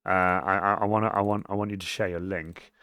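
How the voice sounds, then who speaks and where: A man hosting a cosplay live stream, rambling and swearing freely, swinging between mumbles and loud outbursts. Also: sits low, flat delivery, brisk, smooth, dry recording, clean studio sound. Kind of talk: casual live-stream chat.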